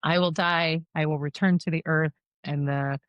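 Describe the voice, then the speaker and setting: Woman, 30s, funeral director guest; frank, quick, laughs easily; lower register, dry close sound. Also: fairly even intonation, clear, resonant tone, dry recording, muffled recording. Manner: candid, quick, laughs often. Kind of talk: casual interview conversation.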